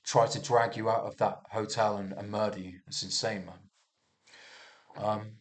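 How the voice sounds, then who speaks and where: Rambling young man, low voice. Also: little pitch movement, measured pace. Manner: restarts a lot, swears, muses aloud. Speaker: vlogger reviewing news. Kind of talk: casual rambling commentary.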